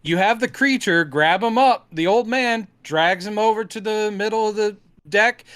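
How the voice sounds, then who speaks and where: A man co-hosting a casual podcast chat, retelling movie scenes with animated, jokey delivery. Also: high-pitched, normal speed, clean tone, no echo. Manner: animated, acts out scenes in silly voices. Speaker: podcast co-host.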